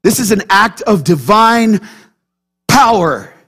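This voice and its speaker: A man preaching a sermon as pastor, animated and quizzing his congregation with frequent questions. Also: high voice, slow pace, breathy edge. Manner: animated, keeps checking in with the congregation through questions.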